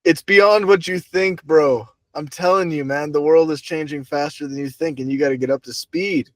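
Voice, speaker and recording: A young man hosting a casual chat, excitable, with stammering restarts and swearing. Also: a little high, normal speed, no echo. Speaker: podcast host. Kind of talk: casual banter.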